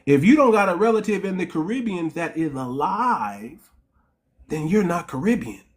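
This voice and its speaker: A man's voice: high voice, very animated, normal speed. Emphatic, preachy man. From United States. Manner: preachy, emphatic, repeats words when searching for them. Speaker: host. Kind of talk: casual livestream talk.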